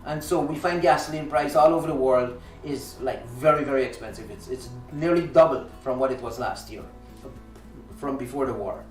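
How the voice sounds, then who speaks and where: A male talk show host delivers a heated monologue, pressing his points with indignation and frequent restarts. His voice sits at an ordinary pitch. He is recorded from a distance in a roomy, echoey space, with faint music underneath. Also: normal speed. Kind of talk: impassioned monologue.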